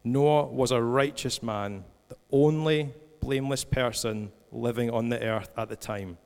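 Male preacher in his 40s, conversational storyteller, mid-pitched voice, long hall echo. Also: measured pace, gravelly. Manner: conversational storytelling with scripture reading. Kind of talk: sermon. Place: church hall. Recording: long church-hall reverb.

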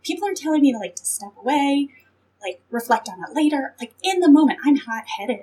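A woman's voice: sits high, expressive, a little fast, dark tone, low-quality recording. A woman who is a guest on a radio talk show, speaking candidly and thinking aloud as she goes. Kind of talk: conversational interview. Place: radio studio.

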